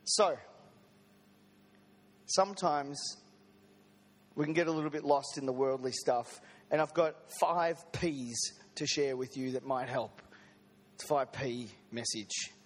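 A man's voice: mid-range voice, unhurried, pauses often, long reverb tail. A man preaching a sermon to a congregation, in a conversational manner with joking asides. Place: church service.

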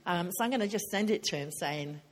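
A woman's voice: on the low side, expressive, fairly quick, a little hiss or hum. Chatty older woman preaching a sermon. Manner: chatty, joking, questions the audience.

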